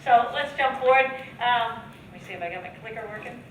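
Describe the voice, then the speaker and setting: A woman in her fifties from the United States, slightly high in pitch, who talks and laughs through a seminar to a live crowd. She sounds set back from the mic in a roomy, echoing hall with audience noise behind her. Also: fast, fairly bright tone, far from the mic. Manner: jokey and chatty, laughing at her own lines. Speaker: guest speaker and trainer.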